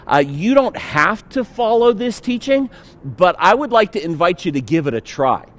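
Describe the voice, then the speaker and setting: A man's voice: sits high, sing-song, moderate pace, fairly bright tone. A male pastor with a Pittsburgh accent preaching a sermon in a conversational, joking way with fillers.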